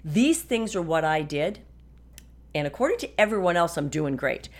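A woman in her fifties talks frankly into her podcast mic from her home desk. Her voice sits a little low, and her chatty delivery carries a dry, sarcastic edge. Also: very animated, normal speed. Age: 50s. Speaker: podcast host. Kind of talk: casual personal monologue.

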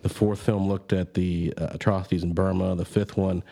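A man hosts a casual film podcast in an easygoing, rambling way. His voice sits low and sounds warm and dark. He drifts through thoughts with plenty of fillers. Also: level tone, normal speed, creaky. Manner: laid-back, rambling with fillers. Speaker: podcast host. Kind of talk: casual movie podcast chat.

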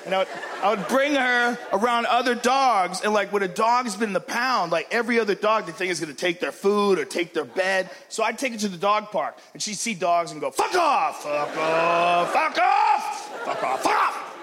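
A man doing a stand-up comedy routine in a club, profane and shouting his punchlines while acting out characters. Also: sits high, fairly quick. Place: comedy club stage with laughing audience. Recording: live club recording with crowd laughter and noise.

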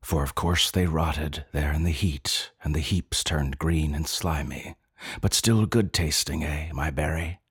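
A man giving intense, brooding narration of a story, slow and deliberate. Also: a bass voice, slightly rough, no room sound, clean studio sound. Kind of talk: dramatic audiobook narration.

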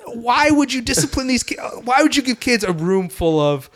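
Animated man riffing on movies. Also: very high voice, normal speed. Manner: animated, swearing, acting out quotes in silly voices. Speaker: podcast co-host. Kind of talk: casual movie-review chat. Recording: dry close mic.

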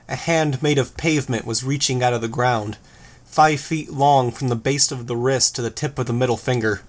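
A man narrating a first-person novel in an even, measured reading. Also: medium pitch. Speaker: audiobook narrator.

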